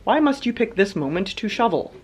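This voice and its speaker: A woman's voice: mid-range voice, sing-song, a little fast, slight background noise. A woman vlogger chatting casually, rambling with lots of hedges and fillers. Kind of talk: casual chat.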